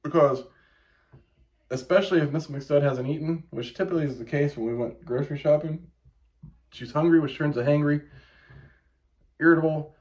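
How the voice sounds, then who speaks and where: A male podcast co-host with a fairly high pitch talks at normal speed but pauses often. Animated and profane, he tells stories in casual banter.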